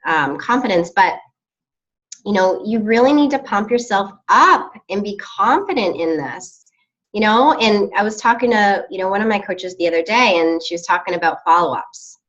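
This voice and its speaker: A woman's voice: mid-range voice, animated, normal speed, a bit bright, lo-fi sound. A woman coaching her team on a call, upbeat and chatty with many fillers.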